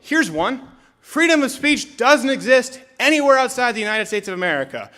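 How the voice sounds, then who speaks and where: A young adult man from Canada giving a live comedic political speech, animated and sarcastic, with sudden shouted bits. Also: extremely high pitch, normal speed.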